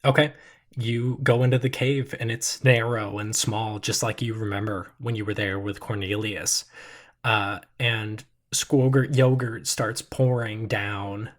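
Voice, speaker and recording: A man narrating as game master of a tabletop game in a slow, measured storytelling manner. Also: fairly low pitch, steady tone.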